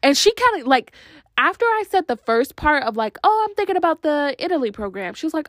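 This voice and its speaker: A woman's voice: high voice, moderate pace, no room sound, studio quality. A young woman vlogging casually, telling a long story full of "like" fillers and quoted back-and-forth, sounding tired. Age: young adult. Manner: chatty, full of "like" fillers, animated quoted dialogue.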